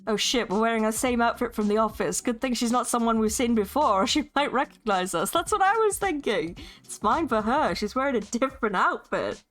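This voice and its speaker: A woman's voice: a little high, fairly quick, hardly any pauses, faint music behind. A woman streaming herself as she plays and narrates a story game, playful and jokey, laughing often. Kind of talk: narrating and playing a game live.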